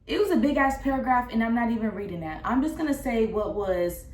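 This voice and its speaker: A young woman telling a casual storytime vlog, recounting a falling-out in a candid, profane and animated way. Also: a little high, brisk. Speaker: vlogger. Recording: roomy echo.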